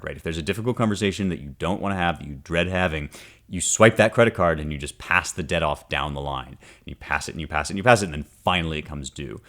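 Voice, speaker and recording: Man, low voice, podcast host, casual teaching talk, wry, conversational. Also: fast talker. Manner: conversational, often checks in with "right?"; wry and animated, reads passages aloud then unpacks them.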